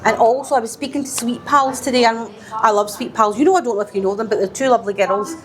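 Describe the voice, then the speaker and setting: Scottish woman, podcast host, animated casual chatter, slightly high voice, crowd noise behind. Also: fast. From Scotland. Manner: animated, laughs often, repeats phrases. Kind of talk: casual chat.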